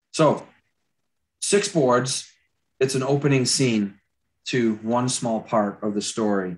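A storyboard artist with a lowish voice gives a live drawing demonstration, clearing his dry throat often. His delivery is loose and chatty, packed with fillers and restarts.

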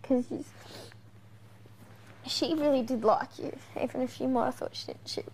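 Woman, slightly high voice, earnest, persuasive housemate. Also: steady tone, normal speed, darkish tone, a little hiss or hum, rough recording. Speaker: reality show housemate.

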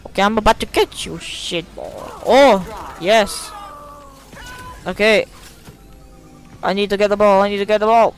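A man with a notably high voice talks over his own gameplay into a desk mic. He grumbles and curses at his teammates, then breaks into loud shouts. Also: measured pace, long pauses, soft background music, rough recording. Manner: frustrated, swearing, bursts into shouts. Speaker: gaming video creator. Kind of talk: live gameplay commentary. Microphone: desk microphone.

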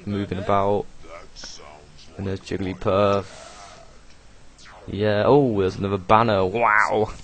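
A young British man does loose, casual home voice-over commentary on his own animation, his gravelly voice sitting a little low. He rambles, swears offhandedly and laughs at his own asides.

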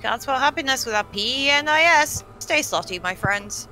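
A woman's voice: sits high, lively intonation, moderate pace, music in the background. A woman joining friends in a casual gaming chat, throwing in crude, teasing quips. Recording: noisy background hiss.

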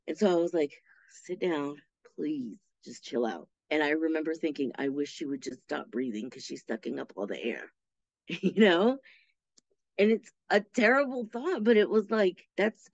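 A middle-aged woman with a medium-pitched voice speaks as an interview guest, candidly telling her story with frequent laughs. She is animated, acting out what people said and laughing through the tale. The audio is dull and lo-fi, with no room sound.

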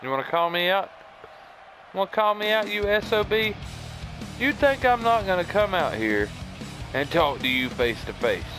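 A man voicing a brash male wrestler who taunts a rival in a loud, boastful way. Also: mid-range voice, measured pace, over music, natural voice. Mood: boastful taunting. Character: brash male wrestler hurling trash talk.

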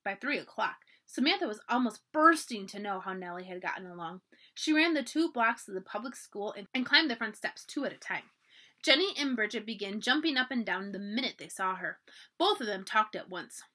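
A woman's voice: mid-range voice, fairly quick. A woman reading a children's chapter book aloud for a library, telling it expressively. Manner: expressive, animated storytelling. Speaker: library storytime reader.

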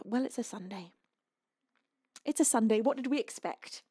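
A woman's voice: a little high, moderate pace, mellow, slightly rough, no echo. Tearful woman streamer, dry close mic. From United Kingdom. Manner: gushing, emotional, laughing often. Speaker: livestreaming singer. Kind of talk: casual chat reading donations.

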